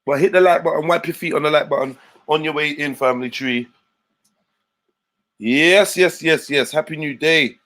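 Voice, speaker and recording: A man hosting a livestream, chatting casually in heavy slang and shouting out his viewers. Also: fairly high pitch, normal speed. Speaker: livestream host.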